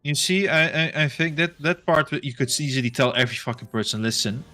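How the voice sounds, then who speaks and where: A man's voice: mid-range voice, brisk, bright, forceful tone, soft background music. A man chatting casually while playing a game, laid-back, giving tips and swearing now and then. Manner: laid-back, coaching, profane. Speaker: co-player. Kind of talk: casual gaming chat.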